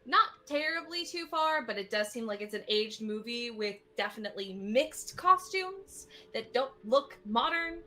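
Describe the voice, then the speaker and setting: A woman's voice: fairly high pitch, animated, a little slow, few pauses, pushed and bright. A woman narrating as game master of a tabletop game, describing scenes in a chatty way with many fillers.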